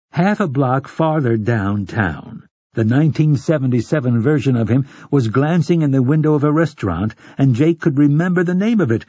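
A man narrating an audiobook in a measured, even storytelling manner, with a husky voice. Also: medium pitch, no echo. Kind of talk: scripted narration.

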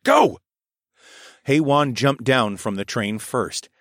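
A young adult man narrating a first-person adventure story in a steady storytelling voice. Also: normal speed, no room sound, studio quality. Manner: steady storytelling, voicing his own lines louder and higher.

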